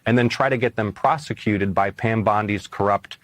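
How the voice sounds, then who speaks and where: A man with a low voice speaks with urgent, forceful conviction as a politician answering an interviewer. The recording is dry and close. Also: normal speed, dry recording. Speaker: senator and candidate.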